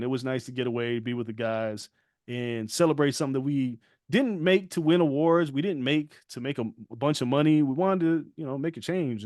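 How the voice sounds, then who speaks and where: In a dry, clean studio recording, a medium-pitched man co-hosts a podcast. He tells a story in easy chat with lots of energy, acting out what people said and laughing a good deal.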